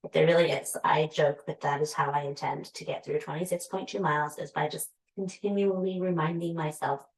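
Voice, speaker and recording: Woman calmly cueing a yoga class, echoey room. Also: low voice, fairly quick, few pauses. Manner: steady breath cues with chatty, laughing asides. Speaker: yoga instructor.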